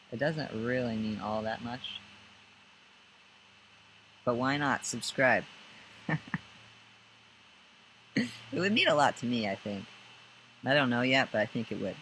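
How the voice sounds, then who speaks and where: A young man talking casually to camera about calming down, rambling and laughing often as he gives spiritual self-help tips. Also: mid-range voice, a little hiss or hum, low-quality recording. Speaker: spiritual guidance and astrology vlogger.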